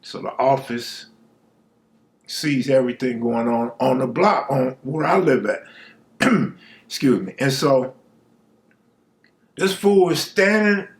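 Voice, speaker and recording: A man's voice: medium pitch, slow pace, long pauses. A man from Los Angeles telling a true street story in a laid-back, slangy, conversational way.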